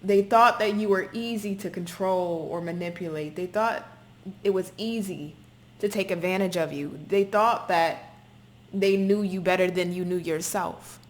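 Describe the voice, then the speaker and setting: A woman's voice: fairly low pitch, unhurried. A woman giving a spoken tarot reading to her viewers, talking emphatically, repeating herself and swearing freely. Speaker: tarot reader.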